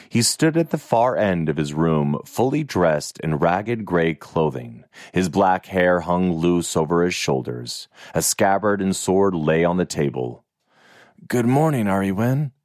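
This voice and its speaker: A man narrating a fantasy novel in an expressive, even storytelling manner. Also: extremely low pitch, dry recording, studio quality. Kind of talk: audiobook narration.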